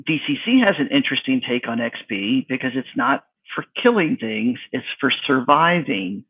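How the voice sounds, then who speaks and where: A man's voice: medium pitch, very animated, moderate pace, husky, no echo. A man co-hosting a casual round-table chat about tabletop games, wry and rambling. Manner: wry, rambling, self-mocking. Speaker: podcast co-host. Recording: tinny phone-like line.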